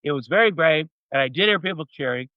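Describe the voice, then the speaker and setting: A man's voice: a little high, lively intonation, quick pace, dry recording. Rambling storytelling man in his sixties. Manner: rambling anecdotes with many fillers. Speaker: interview guest. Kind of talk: casual storytelling. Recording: dull, slightly muffled audio.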